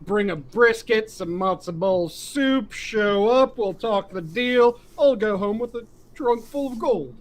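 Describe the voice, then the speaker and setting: Man with high voice, podcast co-host, crude jokey chat. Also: animated, measured pace, few pauses. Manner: crude, joking, laughs a lot.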